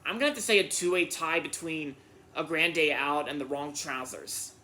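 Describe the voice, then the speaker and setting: Male channel host, bright and slightly high voice, halting delivery full of restarts, casual viewer Q&A. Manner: halting, repeats and restarts words often. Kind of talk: casual answering of viewer questions.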